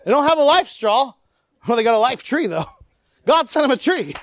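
A preacher giving an animated sermon, acting out the people in the story and swinging between loud and quiet. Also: high-pitched, a little fast, no echo. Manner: animated, acts out the people it quotes.

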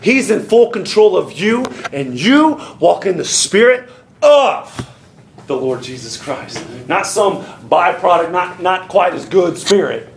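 Gravelly, high-voiced preacher in an echoey church. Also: male voice, a little slow. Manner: folksy, animated preaching that acts out voices. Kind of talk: sermon. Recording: echoey church hall with congregation. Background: congregation calling out amens.

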